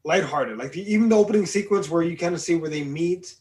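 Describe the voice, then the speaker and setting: A man's voice: a little high, fast talker, a little mellow. A man co-hosting a podcast, chatting casually and enthusiastically about a film, swearing freely. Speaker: podcast co-host. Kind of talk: casual film review chat.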